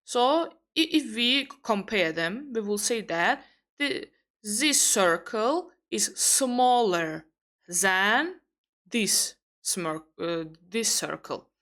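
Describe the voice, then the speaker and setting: A woman from Azerbaijan in her twenties teaching an online English grammar lesson, explaining slowly with pauses and self-corrections. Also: mid-range voice, animated, fairly bright tone.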